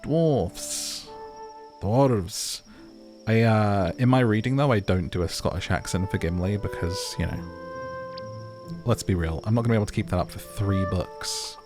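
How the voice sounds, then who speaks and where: A man giving relaxed, chatty commentary over a game, thinking aloud as he plays. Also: fairly low pitch, a little fast, music in the background. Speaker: gaming youtuber. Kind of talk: casual gameplay commentary.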